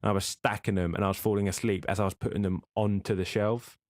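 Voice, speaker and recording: Casting: man, lowish voice, rambling podcast co-host, dry close sound. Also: level tone, fast talker, no echo. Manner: rambling, yawning, swears freely. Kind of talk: casual chat.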